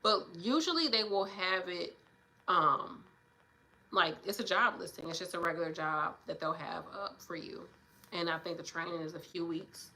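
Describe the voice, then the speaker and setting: A woman nurse in her thirties chatting casually on a livestream, animated and preachy, addressing viewers directly. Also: fairly low pitch, normal speed. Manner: animated, preachy, talks straight to viewers with "y'all" and "child".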